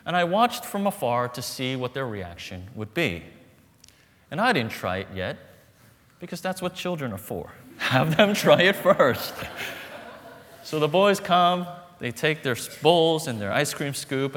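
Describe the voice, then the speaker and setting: A man preaching a sermon, telling stories with humor and dramatic pauses. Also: a little high, big pitch swings, a bit bright. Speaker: pastor. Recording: long reverb in a large hall.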